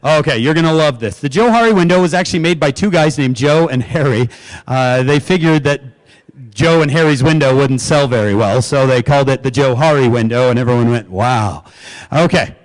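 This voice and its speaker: A middle-aged man giving a humorous keynote speech to educators, joking and quizzing the audience with quick questions. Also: mid-range voice, poor audio. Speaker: keynote speaker.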